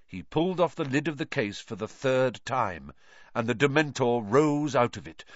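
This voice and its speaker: A man reading a novel aloud as an audiobook narrator, with expressive delivery. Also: mid-range voice, normal speed, no room sound, muffled recording.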